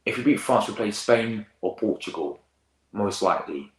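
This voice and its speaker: Low-voiced slangy teen lad streaming. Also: male voice, normal speed, echoey room, low-quality recording. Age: teens. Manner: excitable, rambling, slangy. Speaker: football reaction host. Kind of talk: casual live-stream chat.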